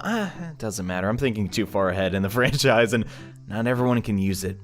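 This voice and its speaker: Excitable man with very lively pitch. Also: fairly quick, faint music behind. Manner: excitable, laughs often. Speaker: let's play host. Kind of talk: casual game commentary.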